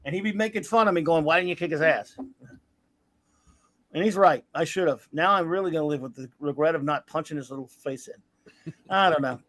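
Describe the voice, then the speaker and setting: A man's voice: fairly high pitch, a little fast, a bit bright, no echo, rough recording. A man in his fifties hosting a casual podcast chat, telling rambling anecdotes in a blunt, crude, joking way. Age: 50s. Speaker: podcast host.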